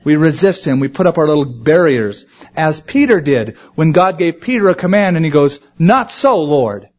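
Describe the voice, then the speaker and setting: A man preaching a sermon to his congregation, animated and acting out quoted voices. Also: fairly high pitch, fairly quick, dull audio. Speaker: pastor.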